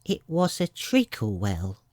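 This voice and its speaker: A man voicing a sleepy, sulky little male dormouse in a storybook, with a hoarse, feeble, drowsy voice. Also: lowish voice, huge pitch swings, darkish tone, no echo, clean studio sound, exaggerated voice. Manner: slow, drowsy, indignant.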